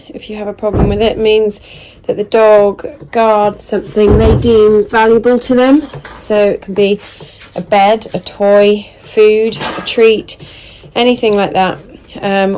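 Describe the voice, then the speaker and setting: A woman gives a casual dog-training lesson at home, holding her phone as she hand-feeds a puppy. Her voice is mid-pitched and often drops to soft murmurs of praise. A faint hiss of background noise sits under the recording. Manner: hand-feeding a puppy while filming on a phone. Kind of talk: casual instructional talk. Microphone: phone held in hand.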